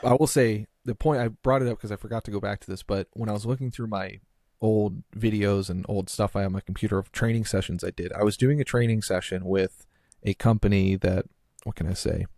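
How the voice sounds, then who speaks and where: Podcast host, male, low voice, rambly chatty delivery full of fillers, dry close recording. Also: fairly even intonation, a little fast, darkish tone, dry recording. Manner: rambling, heavy use of filler "like", trailing restarts. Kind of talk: casual chat.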